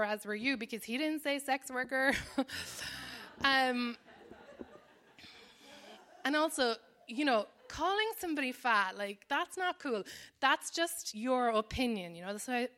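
A woman's voice: a little high, bright, forceful tone. A woman in her thirties with an Irish accent, telling a rambling, self-deprecating stand-up story full of fillers and asides. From Ireland. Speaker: comedian. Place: New York.

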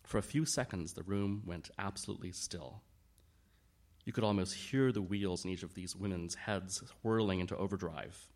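A male audiobook narrator with a lowish voice. He reads in an even, measured storytelling manner. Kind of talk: scripted narration.

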